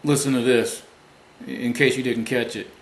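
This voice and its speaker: A man's voice: medium pitch, level tone, moderate pace, creaky. A man hosting his own show, commenting on a radio clip in a boastful, taunting way. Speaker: public-access show host. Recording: roomy echo.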